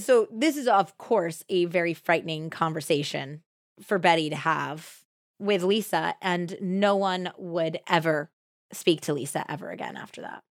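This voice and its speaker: A woman with a fairly low voice recounts a true crime case for her podcast. She talks casually and jumps up in pitch when she acts out what people said. The sound is dry and close, with no room around it. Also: moderate pace, dry recording. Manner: conversational, animated when acting out quotes. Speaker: podcast host.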